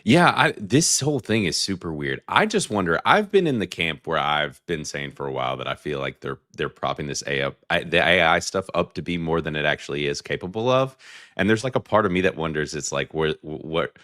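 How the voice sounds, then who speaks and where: A man's voice: a bass voice, animated, brisk, fairly bright tone, no room sound, clean studio sound. A man on a talk panel, musing aloud in a hesitant, wondering way. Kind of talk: casual chat.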